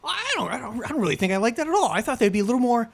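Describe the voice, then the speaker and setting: A man's voice: very high voice, very animated, rapid-fire, vocal fry. A man hosting a comedic podcast in a playful mock-newsman manner. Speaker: podcast host.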